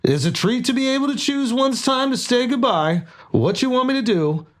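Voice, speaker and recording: A man putting on the cadence of a brash older male politician, reading a note in a drawn-out, emphatic way. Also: very high-pitched, expressive, pitched above the performer's own voice. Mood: mocking.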